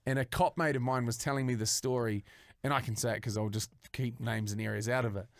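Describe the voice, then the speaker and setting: A man's voice: medium pitch, steady tone, fast, dry recording, clean studio sound. A young Australian man telling a story casually on a podcast, swearing freely and acting out the voices of the people in it. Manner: swears often, acts out quoted voices. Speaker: podcast co-host.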